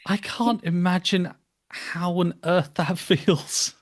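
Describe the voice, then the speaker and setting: A man hosting a podcast, responding with sympathy in halting sentences that repeat words. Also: high voice, fairly even intonation. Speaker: podcast host. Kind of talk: interview chat.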